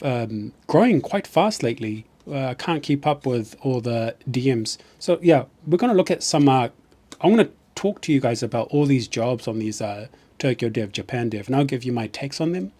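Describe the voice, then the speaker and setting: A man's voice: medium pitch, expressive, normal speed, warm tone. A man from New Zealand with a New Zealand accent, chatting casually on a live stream in a rambling way and often restarting his sentences.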